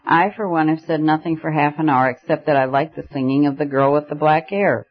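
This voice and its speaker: A man reading an audiobook, voicing a solemn, decorous French gentleman who sounds incredulous. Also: fairly high pitch, steady tone, a little fast, lightly acted. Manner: incredulous, doubtful. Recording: dull lo-fi recording.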